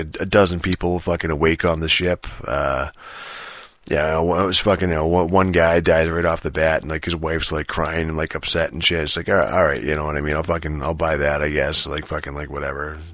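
A man's voice: rumbling low, fairly even intonation, quick pace, a bit bright, no room sound, studio quality. A man talking on his own in a rambling, profane casual rant, full of fillers and restarts. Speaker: solo commentator on movies and games.

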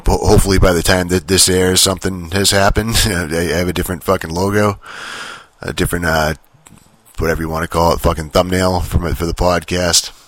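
A man's voice: low voice, fairly bright tone, dry recording. A man hosting a podcast, telling a long story in a casual, profane, rambling way with many fillers and restarts. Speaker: podcast host.

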